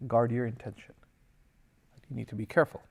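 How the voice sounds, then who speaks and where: The voice belongs to a man of medium pitch who talks fairly quickly, with a husky sound and some vocal fry. He is an Islamic teacher giving a recorded religious class, reading Arabic passages, explaining them in English and adding personal stories. He teaches in a lively way, switching between languages and briefly acting out the dialogue in his anecdotes.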